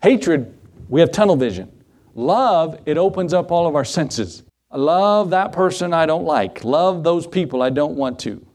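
A middle-aged male pastor preaching a sermon, swinging his pitch and pace as he acts out Bible scenes. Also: expressive, a little slow, a little mellow.

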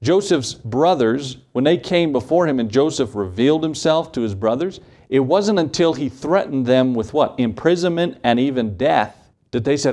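A man's voice: medium pitch, lively intonation, normal speed, darkish tone. A man preaching a morning sermon, asking the congregation rhetorical questions and acting out short quotes.

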